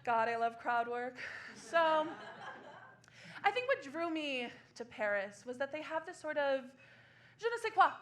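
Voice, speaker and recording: A woman in her twenties performing a solo comedy show on a small theater stage, laughing through quick self-deprecating asides. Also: high-pitched, expressive, a bit bright. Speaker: stand-up comedian.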